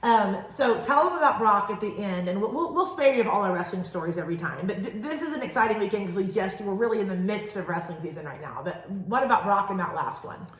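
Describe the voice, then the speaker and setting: A woman in her thirties co-hosting a family podcast, telling stories in a chatty, animated way. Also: mid-range voice, quick pace, hardly any pauses, echoey room, poor audio. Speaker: podcast co-host. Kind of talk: casual chat.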